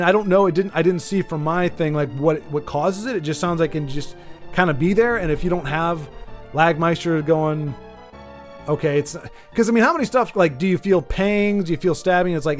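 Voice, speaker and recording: An American man talks casually to his stream audience, starting sentences over and wandering between topics. His voice sits a touch higher than most men's. Faint music plays in the background. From United States. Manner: rambling, many restarts, sympathetic. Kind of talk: casual chat with viewers.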